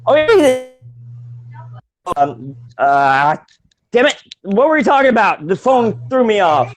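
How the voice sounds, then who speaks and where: A man's voice: high voice, sing-song, slow. A man co-hosting a casual podcast, rambling with many fillers and restarts and laughing often. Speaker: podcast co-host.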